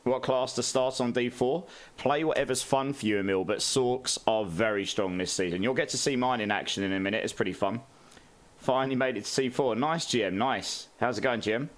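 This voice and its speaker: A man's voice: medium pitch, brisk. A man, chatting casually on a game live stream, greeting viewers and laughing often.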